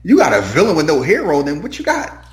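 A man's voice: on the high side, wildly swooping pitch, fast talker. A man in casual chat about a movie, rambling and opinionated with lots of fillers. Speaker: movie podcast co-host. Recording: roomy echo.

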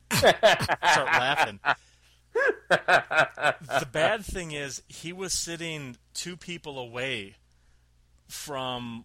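A man tells a rambling workplace story in easy conversation, laughing as he goes and slipping into silly voices for the people he quotes. His voice is bright and tense, recorded close and dry. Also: medium pitch, no echo. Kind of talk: casual chat, storytelling.

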